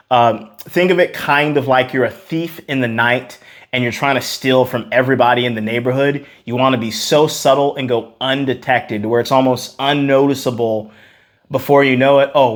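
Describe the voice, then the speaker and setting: Guy voice teacher explaining breath and vowel exercises, mid pitch, chatty. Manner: coaching, explanatory, uses gym analogies. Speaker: vocal coach. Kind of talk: vocal lesson.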